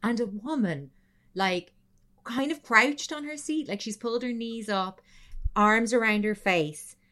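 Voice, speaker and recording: Animated storytelling woman podcast host. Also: a little high, a little slow. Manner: animated, swearing, laughing. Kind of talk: comedic storytelling chat.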